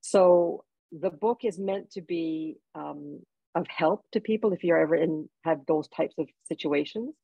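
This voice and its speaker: A woman's voice: deep voice, a little slow, gravelly, breathy edge, no echo, highs cut off. A woman from Jamaica, an author guest in an interview, telling personal stories in a heartfelt way with restarts. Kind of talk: interview conversation.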